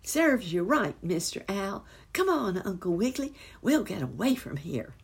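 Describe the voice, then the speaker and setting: A woman voicing a bold, teasing young squirrel boy in a storybook, calling out in a high, excited voice with a husky edge. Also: unhurried, heavily acted.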